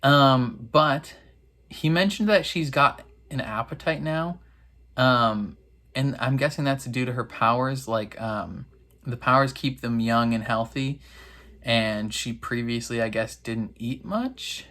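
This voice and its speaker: A man in casual reaction commentary, chatty and wry, laughing often and filling pauses with "um". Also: sharp tone. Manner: acts out characters' lines in quick high voices. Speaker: reaction video host.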